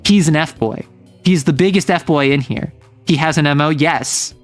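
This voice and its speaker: A man's voice: fairly high pitch, measured pace, faint music behind. A man streaming, casually retelling a manga with lots of fillers and wry asides.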